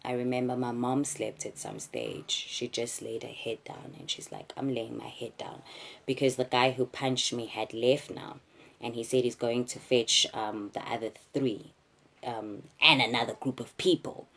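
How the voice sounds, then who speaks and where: A woman's voice: a bass voice, a bit bright. A young woman frankly retelling a personal ordeal, emotional and restarting often. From South Africa. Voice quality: husky. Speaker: vlogger. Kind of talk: candid storytime retelling.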